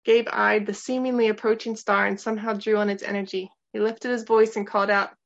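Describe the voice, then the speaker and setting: Gravelly woman narrating a story. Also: medium pitch. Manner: measured, steady storytelling. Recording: dull lo-fi recording.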